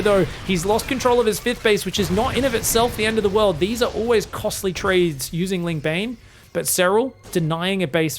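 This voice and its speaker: A man casting a live strategy game match, analytical and quick to yelp with excitement at big plays. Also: slight background noise. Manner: excitable, breaks into high yelps at big plays. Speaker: esports caster.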